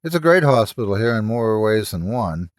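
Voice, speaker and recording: A man voices a young doctor who sounds uneasy, speaking hesitantly and apologetically and stumbling over the beginnings of his lines. His lowish voice moves lively up and down at a normal speed. The sound is dry and close, with no room sound.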